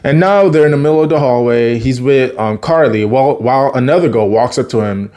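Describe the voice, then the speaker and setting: A man's voice: medium pitch, brisk, mellow. A man casually retelling a TV episode, chatty, laughing often and acting out the characters' lines. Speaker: TV episode recapper.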